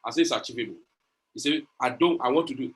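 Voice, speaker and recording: A man's voice: mid-range voice, rapid-fire, fairly bright tone. A man leading an online crypto community session, talking in a preachy, motivational way, repeating phrases and retelling conversations.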